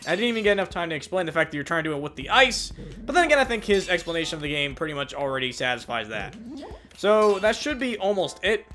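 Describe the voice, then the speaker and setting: A young man rambling excitably and self-deprecatingly through his commentary on a game. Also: fairly high pitch, fast talker, slight background noise. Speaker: let's play host. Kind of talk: casual gameplay commentary.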